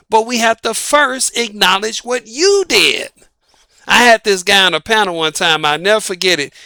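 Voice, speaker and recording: A man with a Southern US accent delivers an opinionated monologue, his voice bright and forceful. He stresses each point and keeps asking rhetorical questions that he answers himself. The recording is dry and close, with no room sound. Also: dry recording. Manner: emphatic, asks rhetorical questions and answers them, punctuates points with "boom". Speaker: dating advice channel host.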